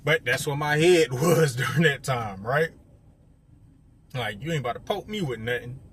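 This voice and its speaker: Here a young man narrates a story for his viewers, chatting casually, speaking to them directly, and dropping in frequent fillers. His mid-range voice is expressive and a bit bright, at a moderate pace.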